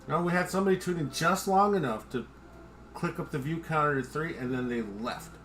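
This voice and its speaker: A man's voice: fairly high pitch, fairly quick, fairly bright tone, a little hiss or hum. A man rambling casually on a home livestream while drinking, joking at his own expense, swearing freely and chatting to his dog. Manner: rambling, profane, self-deprecating. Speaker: livestream host.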